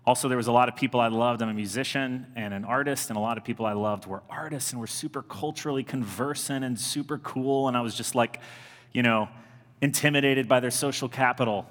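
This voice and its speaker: In a church sanctuary, a pastor in his thirties preaches a sermon in a brisk, mid-range voice. His manner is earnest and conversational, and he repeats key lines for emphasis. The large church leaves a long reverb on the recording.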